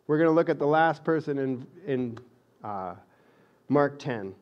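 A man's voice: on the high side, animated, measured pace, muffled recording. A man preaching a sermon in a conversational way, growing emphatic when he reads scripture aloud. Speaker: pastor.

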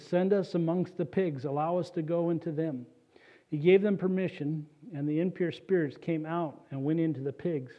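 A man preaching a sermon as a pastor, animated and conversational, with casual asides to the congregation. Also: a little high. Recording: dull lo-fi recording.

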